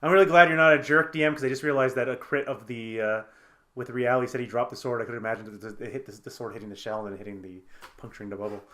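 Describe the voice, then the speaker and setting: A man's voice: mid-range voice, fast talker, a bit bright. A man playing in a tabletop game, chatting casually, joking and hesitating with plenty of fillers. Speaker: player.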